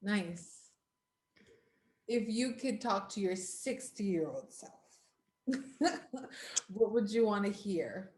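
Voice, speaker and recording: A woman hosting an interview, asking questions softly and giving brief affirmations. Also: mid-range voice, expressive, slow pace, long pauses, roomy sound, a little hiss or hum. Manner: soft, brief affirming responses. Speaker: interviewer, host.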